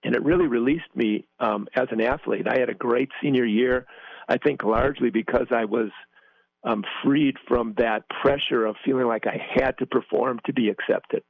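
A male guest on a tinny phone line, his voice gravelly with fry. He speaks earnestly but hesitantly, with plenty of fillers. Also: medium pitch, moderate pace, dry recording. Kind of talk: conversational interview.

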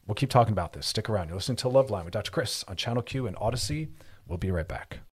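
Husky-voiced male radio advice host. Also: lowish voice, lively intonation, very fast. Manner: reflective, explains through personal stories. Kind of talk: conversational relationship advice.

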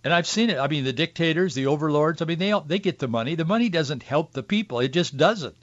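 A man's voice: on the high side, expressive, quick pace, no echo, dull audio. A man hosting a talk show, delivering an opinionated political commentary monologue with wry asides and restarts.

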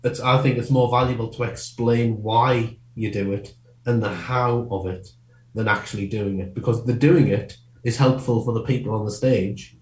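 Fast-rambling comedian in an echoey room. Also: male voice, medium pitch, fairly even intonation. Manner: quick, rambling, self-interrupting with many restarts. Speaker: comedian guest. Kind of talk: casual podcast interview.

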